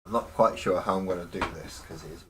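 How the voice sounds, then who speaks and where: A man's voice: low voice, quick pace, a little hiss or hum. A man chatting casually while painting miniatures, muttering to himself as he works.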